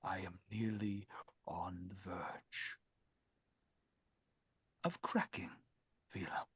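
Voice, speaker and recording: A man voicing a troubled noble investigator close to breaking, speaking formally and earnestly, often sinking to a hushed whisper. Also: medium pitch, very animated, takes it slowly, breathy edge, dry recording, full character voice. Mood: strained.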